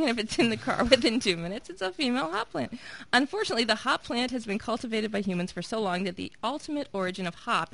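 A woman's voice: medium pitch, vocal fry, a bit bright. A woman co-hosting a radio program, joking and laughing through a list of silly items. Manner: laughs often, playful. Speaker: radio co-host. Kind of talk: jokey radio banter.

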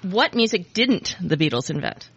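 A woman's voice: lowish voice, sing-song, normal speed, a bit bright, breathy edge. A woman co-hosting a podcast in casual chat, reading out jokes, giggly and bubbly. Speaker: podcast co-host. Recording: dull lo-fi sound.

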